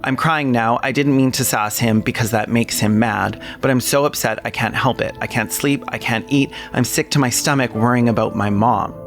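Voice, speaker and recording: A man's voice: mid-range voice, moderate pace, hardly any pauses, soft background music. A man with a mid-range voice reads a first-person memoir aloud with earnest feeling. Elsewhere he chats loosely on a podcast, rambling and swearing a little. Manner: earnest, emotional reading; rambling, profane chat. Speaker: podcast co-host. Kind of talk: reading a memoir aloud, then casual chat.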